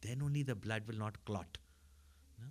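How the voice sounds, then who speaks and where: A man's voice: lowish voice, normal speed, noisy background. A man telling a story as a spiritual teacher, in a chatty manner that keeps checking in with his listeners. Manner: conversational, asks listeners for agreement.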